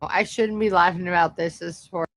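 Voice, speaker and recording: A woman's voice: fairly low pitch, steady tone, a little fast, fairly bright tone, poor audio. A woman hosting a casual livestream, swearing freely and laughing helplessly between lines. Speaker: livestream host. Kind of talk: casual live-stream chat.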